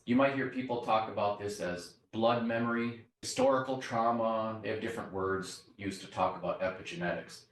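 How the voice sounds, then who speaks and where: A man's voice: fairly low pitch, fairly even intonation, moderate pace, hardly any pauses. A man lecturing to a university class. He explains step by step and often checks in with the students by asking "right?". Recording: echoey classroom, mic far off.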